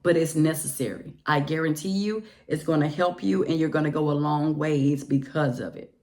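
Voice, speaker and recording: Brief: gravelly, low-pitched woman in her thirties, candid storytime vlog, emphatic and indignant. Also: fairly even intonation, normal speed, darkish tone. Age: 30s. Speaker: vlogger.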